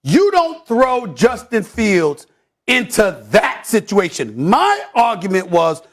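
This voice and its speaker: Sports debate guy hollering and hamming it up, high-pitched voice, stammers when he gets going. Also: wildly swooping pitch, takes it slowly. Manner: loud, theatrical, mock-emotional, repeats words when worked up.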